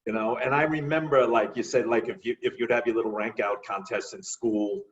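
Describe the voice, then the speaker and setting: A man telling lively stories in a casual conversation. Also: mid-range voice, fairly quick, far from the mic, muffled recording. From New York. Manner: animated, acts out voices in his stories. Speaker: guest.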